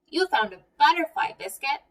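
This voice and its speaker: A cheerful young girl, read by a woman, speaks gently and coaxingly, slow and bright like a picture-book reading. The voice is fairly high and sits a little away from the microphone. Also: expressive, distant mic.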